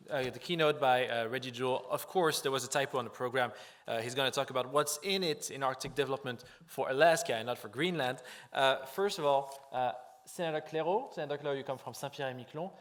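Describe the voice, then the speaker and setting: Hesitant man moderating a panel. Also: mid-range voice. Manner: hesitant, full of fillers. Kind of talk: introducing speakers on a panel.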